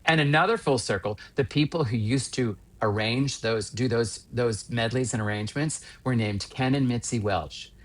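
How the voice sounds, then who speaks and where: A man in his fifties from Western Pennsylvania, a stage actor telling winding, animated anecdotes as a podcast guest. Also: mid-range voice, moderate pace, few pauses. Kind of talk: casual interview storytelling.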